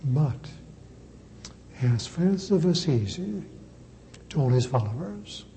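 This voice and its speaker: A priest delivers a sermon in a deliberate, emphatic way, repeating words to drive them home. His voice is very dark and mellow, and he speaks very slowly. A faint hiss sits under the recording. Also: a little high, sing-song, poor audio. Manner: slow, emphatic preaching with deliberate repetition.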